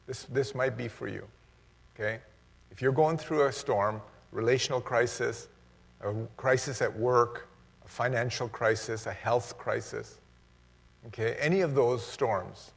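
A middle-aged man, a guest preacher, giving a sermon with jokes and laughter that turns earnest and quiet. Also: mid-range voice, creaky.

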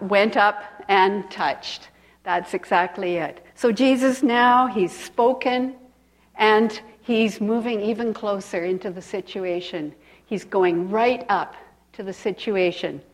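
A woman delivering a sermon at an unhurried pace. She talks in a conversational way and stops often to put questions to her listeners. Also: medium pitch. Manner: asks the audience questions, conversational. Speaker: preacher. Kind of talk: sermon, teaching.

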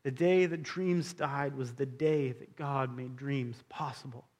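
A man's voice: mid-range voice, unhurried, darkish tone. A man preaching a sermon as pastor, earnest and emphatic, repeating key phrases for weight. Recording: long hall reverb.

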